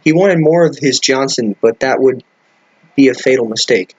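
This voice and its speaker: Guy reading some cursed fanfic out loud, husky voice, keeps tripping on words and swearing at it. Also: medium pitch, normal speed, lo-fi sound. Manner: stumbles over words and breaks in with incredulous, profane remarks. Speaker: comedic reader. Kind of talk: reading a fan fiction aloud with commentary.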